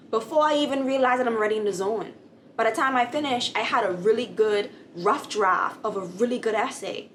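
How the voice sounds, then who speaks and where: A young woman vlogging at home, animated as she tells a personal faith story and acts out the dialogue. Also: on the high side, a little hiss or hum. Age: young adult. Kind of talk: casual testimony vlog.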